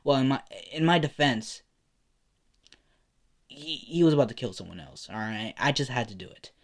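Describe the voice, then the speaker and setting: A man's voice: medium pitch, animated, moderate pace. A man voicing a brash, cocky teenage boy hero in a casual, offhand way.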